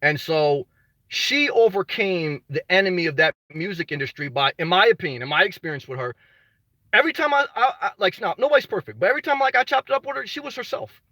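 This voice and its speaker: A man's voice: sits high, lively intonation, quick pace, bright, forceful tone, no echo, poor audio. A man hosting a motivational livestream. He talks emphatically, repeats his key phrases, calls viewers brother and swears casually. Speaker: livestream host reading viewer comments.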